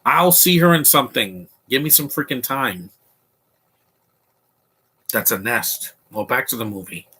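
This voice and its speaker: A man's voice: medium pitch, big pitch swings, unhurried, long pauses, pushed and bright, husky. A man hosting a casual movie commentary podcast, talking in an opinionated, rambling way with frequent restarts.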